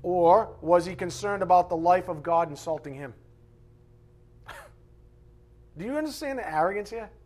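A man preaching an expository sermon, animated, mocking the voices of his opponents and shouting for emphasis. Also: high voice, unhurried, long pauses.

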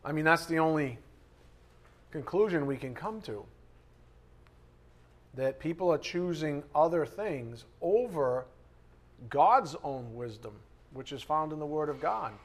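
A male pastor with a fairly high voice preaches to his congregation. He talks in a loose, conversational way, punching key words loudly and then sinking into quiet, confiding asides. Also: lively intonation, measured pace, pauses often. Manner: conversational, emphatic preaching, swings between loud stresses and soft asides. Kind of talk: sermon.

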